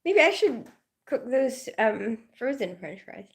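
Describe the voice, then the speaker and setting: A woman's voice: on the high side, very animated, measured pace. Giggly woman chatting on a livestream. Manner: giggly, greets viewers by name, laughs often. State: just woke up after night shifts. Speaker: nurse livestreaming to viewers. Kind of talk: casual live-stream chat.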